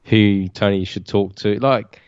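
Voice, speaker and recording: A man's voice: on the low side, fairly even intonation, measured pace, darkish tone, clear, resonant tone, no echo. A laid-back man chatting on a podcast, easygoing and full of slang. His voice is muffled and a little lo-fi, and it sits dry and close with no room sound. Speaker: podcast co-host. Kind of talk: casual chat.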